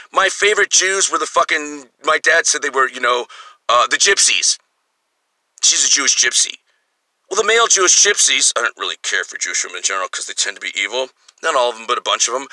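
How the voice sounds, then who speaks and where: A man's voice: on the high side, sharp tone, no echo, low-quality recording. A man in his fifties delivering an angry, profane, rambling monologue. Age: 50s. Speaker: vlogger. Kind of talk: ranting monologue.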